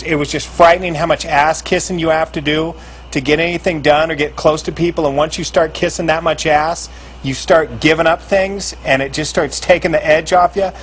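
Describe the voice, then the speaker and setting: A man's voice: fairly high pitch, a bit bright, a little hiss or hum, poor audio. A man guesting on a call-in show, talking bluntly and candidly and laughing easily. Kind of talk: casual call-in chat.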